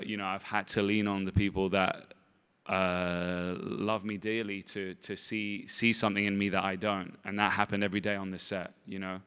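A man answering interview questions in a rambling, halting way, repeating words and filling gaps with "you know". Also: deep voice, fairly bright tone, clear, resonant tone. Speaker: film director and actor, interview guest. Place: festival stage in a large hall. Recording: long reverb of a large hall.

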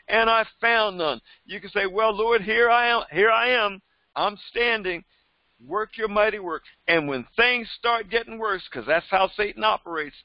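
A man's voice: high-pitched, dry recording, highs cut off. A man preaching as a pastor, emphatic and repetitive in his delivery. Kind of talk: sermon.

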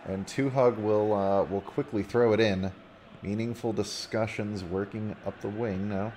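A man casually commentating a video game football match play by play, getting loud when a goal goes in. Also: on the low side, unhurried, slight background noise. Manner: casual, rising excitedly on goals.

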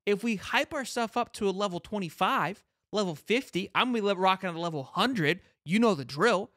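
Podcast host, male, fairly high voice, brash hype-man delivery full of restarts, dry close mic. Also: animated, a little fast, a bit bright, dry recording. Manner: brash hype talk, swears, lots of "like" and restarts. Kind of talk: fired-up fan commentary, casual chat.

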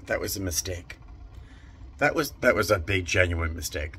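A man chatting casually to the camera as a travel vlogger, thinking aloud and gushing when excited. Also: deep voice, normal speed, a little hiss or hum. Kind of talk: casual vlog chat to camera.

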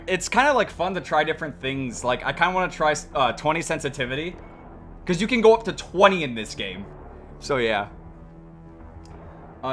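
A young man streaming a shooter game live, chatting to viewers and swearing and shouting as the action heats up. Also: a little high. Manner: excitable, swearing, reacting loudly to the game. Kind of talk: live gameplay commentary. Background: gunfire from the game.

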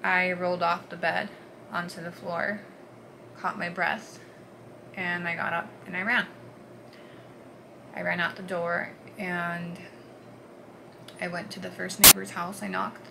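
A woman vlogger recounting a personal story in an earnest, halting way, dropping to a hush and then pushing hard. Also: fairly low pitch, level tone, vocal fry, very noisy. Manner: earnest, halting, swings between hushed and forceful.

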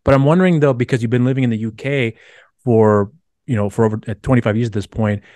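A man's voice: medium pitch, fairly even intonation, fast, a little mellow, no echo, clean studio sound. A man hosting a podcast interview, asking long, winding questions. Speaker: podcast host. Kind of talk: casual interview chat.

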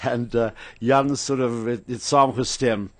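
A man's voice: medium pitch, fairly even intonation, unhurried, dry recording. An older man with a South African accent, hosting a radio show in a casual, rambling storytelling manner full of fillers. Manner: rambling, anecdotal, frequent fillers. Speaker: radio host. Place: radio studio.

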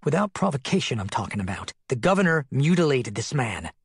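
A man's voice: medium pitch, sing-song, a little fast, vocal fry, slightly rough, dry recording, studio quality, full character voice. A man playing a skeptical, sardonic middle-aged doctor with a cutting way of speaking. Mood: heated.

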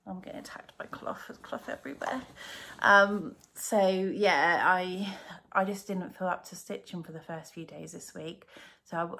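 A woman's voice: on the low side, creaky, sharp tone. A woman, a cross-stitch vlogger chatting casually to camera in a rambling, self-mocking way.

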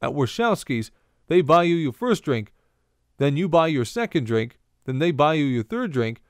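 A man voicing a bragging Polish man in a bar joke, trying to top the others in a lively way. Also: a little high, normal speed, clear, resonant tone, dry recording, studio quality. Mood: boastful.

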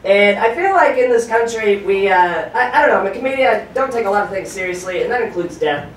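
A man performing a stand-up comedy set on a club stage, animated and profane, shouting his punchlines. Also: high voice, quick pace, a little hiss or hum. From United States. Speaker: stand-up comedian hosting a show. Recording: very echoey club audio, from far off.

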